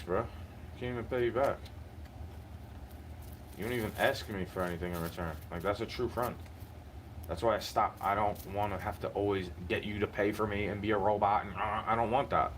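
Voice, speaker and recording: A man's voice: fairly low pitch, a bit bright, slight background noise. Man ranting heatedly, full of profanity. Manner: repetitive, circling back on points. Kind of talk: venting monologue.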